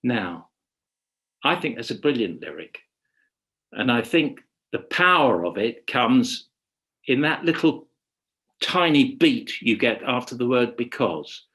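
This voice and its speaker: A man leading a webinar workshop on writing radio drama. He talks in a measured, reflective way and often pauses to rephrase. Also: medium pitch, expressive, a bit bright. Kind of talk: webinar lecture. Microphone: video call.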